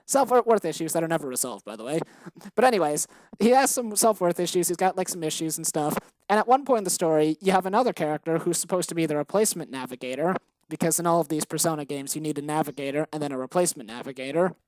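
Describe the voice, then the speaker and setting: A woman co-hosting a casual podcast, launching into a heated, swear-filled rant with exasperated energy. Her voice sits a little low for a woman. The recording is close and dry, with no room sound. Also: animated, fast talker, a little mellow, no room sound, low-quality recording. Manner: heated, profane ranting with exasperated outbursts. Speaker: podcast co-host. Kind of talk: casual chat.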